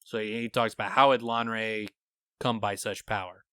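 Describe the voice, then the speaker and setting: A man co-hosting a podcast, animatedly thinking out loud as he retells and theorizes about scenes from a book. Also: on the low side, steady tone, moderate pace, smooth, no echo. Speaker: podcast co-host. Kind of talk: casual podcast discussion.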